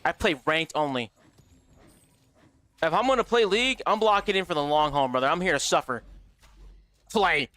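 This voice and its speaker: A man with a high, bright, forceful voice running a live gaming stream. He talks straight to his chat in a brash, profane, joking way. The sound is dry and close, with no room around it. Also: lively intonation, normal speed, pauses often, no room sound. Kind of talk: casual livestream chatter.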